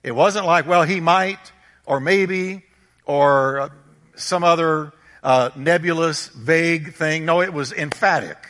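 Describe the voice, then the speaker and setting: A male pastor delivering an emphatic sermon in a high, bright, forceful voice. He hammers his points home with repetition and rhetorical questions. A long reverb trails behind him, as if in a large hall. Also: measured pace. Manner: emphatic, repeats phrases, rhetorical questions to the congregation.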